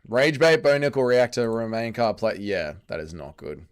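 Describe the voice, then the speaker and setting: A man's voice: lowish voice, lively intonation, moderate pace, vocal fry, few pauses, faint music behind. A man with an Australian accent hosting a casual livestream, reading chat comments aloud and answering them in a blunt, crude, bantering way.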